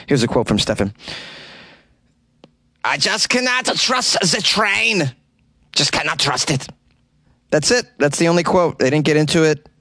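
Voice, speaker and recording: A man's voice: medium pitch, no echo. A man hosting a comedy news podcast, reading articles aloud and mocking them sarcastically, recorded in a small closet. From lived in New York City. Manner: sarcastic, riffing on articles he reads. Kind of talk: comic news commentary.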